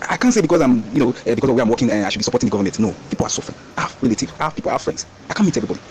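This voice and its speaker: Rapid pleading Nigerian caller. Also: male voice, mid-range voice, animated, slight background noise, low-quality recording. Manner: pleading, repetitive. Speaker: radio caller. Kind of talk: pleading call-in.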